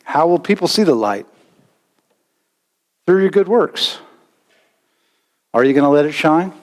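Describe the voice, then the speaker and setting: A male pastor preaching a sermon with animated delivery and sudden loud bursts. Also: on the high side, a little slow. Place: church sanctuary. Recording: long church reverb.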